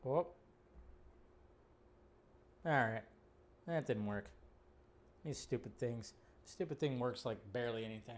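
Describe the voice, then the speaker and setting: A man's voice: medium pitch, measured pace, long pauses. A man hosting a casual live movie news stream, ranting incredulously, with profanity. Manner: animated, incredulous rants with profanity.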